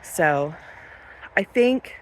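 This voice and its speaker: Chatty farm woman with a lively voice. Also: fairly low pitch, drawn-out words, a little hiss or hum. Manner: chatty, talks sweetly to animals. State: out of breath at times. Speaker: farm vlogger. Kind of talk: casual vlog narration while doing chores. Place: outdoors and in barns on a small farm. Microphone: handheld camera, she films herself.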